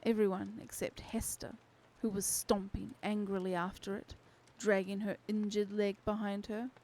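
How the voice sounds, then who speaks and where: A woman streamer reading a novel aloud to her community with steady, expressive narration. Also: medium pitch, normal speed, poor audio. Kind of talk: unhurried storybook reading.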